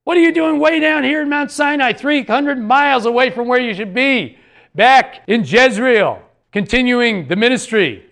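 God pressing a question again and again, the voice climbing high and growing loud as it presses, as a male Bible teacher puts it on. Emphatic and gently rebuking in a spoken teaching. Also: normal speed, creaky, full character voice.

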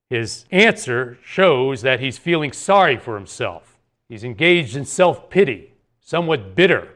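A man's voice: mid-range voice, a bit bright. A man giving an earnest Bible teaching talk, explaining a passage verse by verse with rhetorical questions.

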